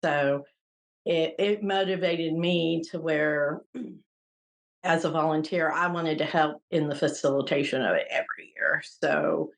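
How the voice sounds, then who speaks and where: Low-voiced woman hosting, halting. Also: fairly even intonation, gravelly. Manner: halting, searching for words with restarts. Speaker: podcast host and retreat volunteer. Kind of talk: casual interview chat.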